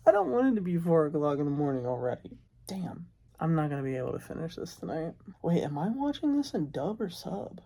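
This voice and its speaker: A woman's voice: sits low, moderate pace. A young woman chatting casually at home in a late-night vlog, rambling, swearing and fussing over her pet. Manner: swearing, rambling, excitable, talks baby talk to her pet. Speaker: vlogger. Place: at home, indoors.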